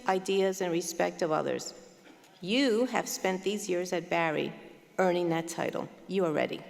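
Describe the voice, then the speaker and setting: A woman dean speaks at a graduation ceremony in a measured, formal, emphatic way. Her voice sits at a middle pitch and carries a long reverb from the large hall around her. She talks into a podium microphone. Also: creaky. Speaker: law school dean. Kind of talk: commencement welcome speech.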